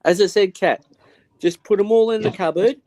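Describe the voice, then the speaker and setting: A man's voice: high voice, normal speed, a crowd in the background. A man joking around as a friend on a stream call. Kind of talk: casual banter.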